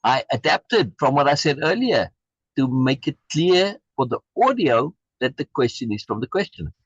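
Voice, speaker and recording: A man's voice: medium pitch, very animated, normal speed, breathy edge, no echo. A man leading a program, reading a text aloud and commenting on it emphatically, repeating key phrases, over a video call. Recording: dull lo-fi video call audio.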